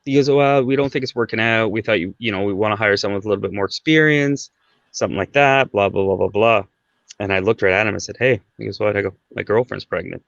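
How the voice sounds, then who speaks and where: A man's voice: lowish voice, fast talker, creaky, fairly bright tone, no room sound, highs cut off. A man in his thirties from Canada, guest on a podcast, telling a personal story in a casual, chatty way, often tagging sentences with "right?". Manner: conversational, fillers like "right?" and "like".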